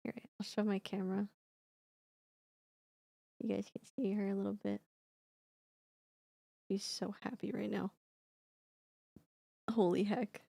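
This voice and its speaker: A woman streamer talks to her cat in soft, affectionate baby talk and drops the odd swear word. Her delivery is slow and unhurried with a gravelly fry. The sound is dry and close, from a desk mic in a home setup with sound foam. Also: mid-range voice, flat delivery, no room sound. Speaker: streamer and singer. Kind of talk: casual live-stream chat.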